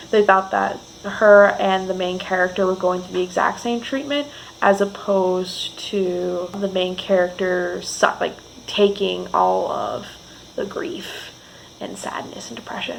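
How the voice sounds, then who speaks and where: A woman's voice: mid-range voice, poor audio. A woman book vlogger giving a casual reading wrap-up, gushing and enthusiastic, rambling with frequent restarts. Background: faint cicada noise outdoors.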